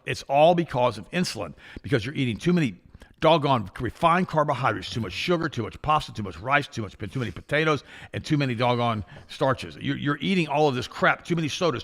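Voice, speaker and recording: An older man co-hosting a talk show, explaining things in a fast, emphatic, lecturing way. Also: mid-range voice, gravelly, fairly bright tone. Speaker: co-host. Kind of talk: animated talk show banter.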